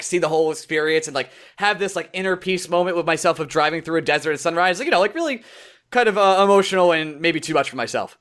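A young man co-hosting a casual podcast, telling a story with animated quoted voices. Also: fairly high pitch. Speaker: podcast co-host. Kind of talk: casual chat.

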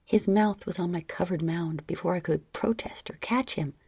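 Low breathy woman reading intimately. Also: moderate pace, warm tone, dry recording. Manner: low, breathy, half-whispered intimate delivery. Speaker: narrator. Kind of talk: intimate first-person story reading.

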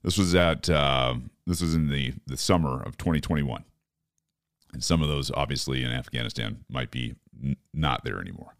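A man's voice: extremely low pitch, moderate pace, dry recording, studio quality. A man hosting a political podcast, ranting in profane disbelief about current events. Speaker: podcast host. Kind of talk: opinionated political commentary.

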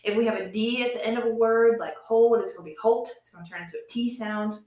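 A young woman, chatting casually as a podcast co-host and telling animated stories with frequent laughs. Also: on the high side, fast talker, echoey room. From West Virginia. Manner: laughs often, animated storytelling. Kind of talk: casual chat.

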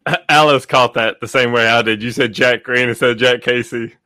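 A man's voice: medium pitch, steady tone, brisk, sharp tone, dry recording, studio quality. A man co-hosting a casual live chat, telling stories with chuckles and jokes. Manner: chuckling, joking storyteller. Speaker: co-host.

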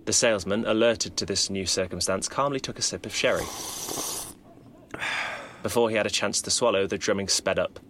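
A man's voice: on the low side, brisk, long pauses, background noise. A man telling a spooky holiday story with dramatic, rhythmic narration. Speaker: podcast storyteller.

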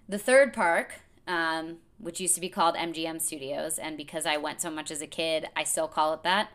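A woman's voice: fairly low pitch, fairly bright tone. A woman in her thirties talking through a casual, enthusiastic podcast monologue, with a lot of filler words. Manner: chatty, enthusiastic, many fillers. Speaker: podcast host.

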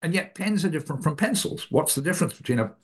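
A man, guest author, explaining ideas in an interview in a measured way, often correcting himself mid-sentence. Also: on the high side, expressive.

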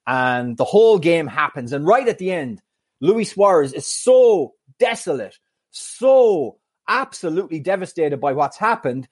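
A man in his mid-thirties co-hosting a podcast, telling an anecdote in a lively way and acting out other voices. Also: a little high. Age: mid-30s. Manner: animated storyteller who acts out other voices. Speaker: podcast co-host. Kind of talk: casual chat, anecdote.

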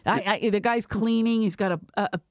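A woman hosting a casual comedy podcast, chatty and quick to chime in. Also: medium pitch, fairly even intonation, a little mellow, dry recording, clean studio sound.

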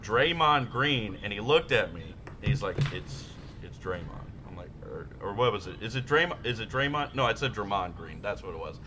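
A man's voice: fairly low pitch, lo-fi sound. A man co-hosting a podcast, telling profane, rambling stories in casual chat. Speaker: podcast co-host.

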